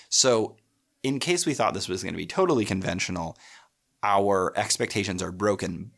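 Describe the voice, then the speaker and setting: A man's voice: lowish voice, vocal fry, a bit bright. A man hosting a podcast, explaining poetic meter in a thoughtful, analytical way and reading verse aloud. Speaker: podcast host.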